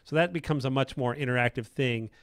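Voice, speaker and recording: The speaker is a man, a lead game designer, whose mid-range voice is fast, smooth and a bit bright. He chats on a casual livestream with rambling enthusiasm, full of fillers and restarted sentences. The recording is studio quality, with no room sound.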